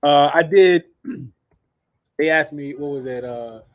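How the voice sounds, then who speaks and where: Man, casual sports chat, excitable, stumbling restarts, slightly high voice, dry close sound. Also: takes it slowly, dry recording. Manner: excitable, stumbles and repeats words. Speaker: show panelist, former player.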